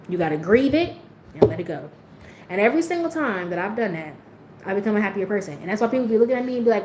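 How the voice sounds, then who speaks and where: A woman's voice: medium pitch, animated, fast, a little mellow, reverberant, a little hiss or hum, low-quality recording. A woman hosting a livestream, speaking frankly and with plenty of swearing as she talks straight to her viewers in a candid, motivational way. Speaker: livestream host.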